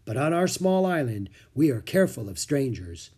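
A man doing a jolly old-world monk, husky. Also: medium pitch, sing-song, moderate pace, warm tone. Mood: grave. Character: jolly bald middle-aged male monk.

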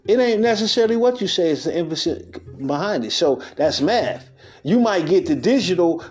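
A man's voice: high voice, a little mellow. Street-talking man musing over faint music. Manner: street-talking, laughs often, acts out quotes. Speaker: podcast host. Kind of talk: loose spiritual monologue.

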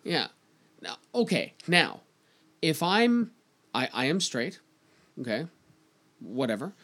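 A man's voice: a little high, very animated, slow pace, a bit bright. A man from Canada co-hosting a casual talk podcast, reading out news stories and joking about them with frequent laughter. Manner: reads news aloud and riffs on it, laughing often. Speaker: podcast co-host. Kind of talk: casual chat.

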